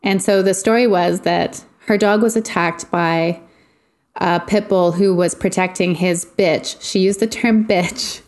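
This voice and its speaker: A woman's voice: fairly low pitch, fairly even intonation, measured pace, darkish tone. A woman co-hosting a casual chat, telling a rambling story and laughing often.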